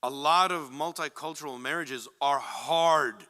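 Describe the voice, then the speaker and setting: Bright-voiced man giving lively advice. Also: fairly high pitch, measured pace. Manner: animated, jokey, acts out quoted people. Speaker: Islamic speaker answering questions. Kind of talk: casual talk to a young audience.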